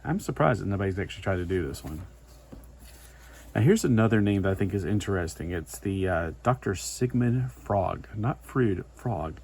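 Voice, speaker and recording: A man's voice: low-pitched, animated, normal speed, a little mellow, slightly rough. A man giving a casual, rambling comic book review, full of chatty asides and filler words.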